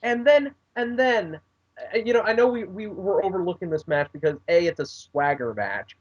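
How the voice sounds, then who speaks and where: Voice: medium pitch, animated, normal speed. Heated, swearing podcast co-host on a call. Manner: heated, profane, restarts often. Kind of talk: casual wrestling chat. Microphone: online voice call. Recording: lo-fi online call.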